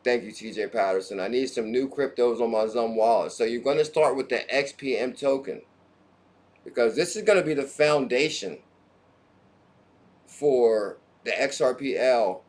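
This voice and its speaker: Male livestream host, middle pitch, energetic and scattered, constantly shouting out the chat. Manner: hyped, hops between topics, shouts out chat viewers.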